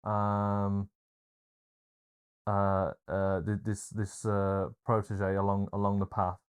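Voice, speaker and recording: A man's voice: lowish voice, smooth. A man co-hosting a podcast, retelling film scenes in a casual chat, with plenty of fillers and hesitations. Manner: animated storyteller, hesitant with fillers. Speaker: podcast co-host.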